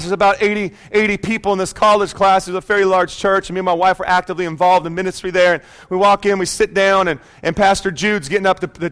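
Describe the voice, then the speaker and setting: A man in his thirties preaching a sermon, telling a personal story and calling out to the congregation. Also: sits high. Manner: animated storytelling, calls out to congregation. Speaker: pastor.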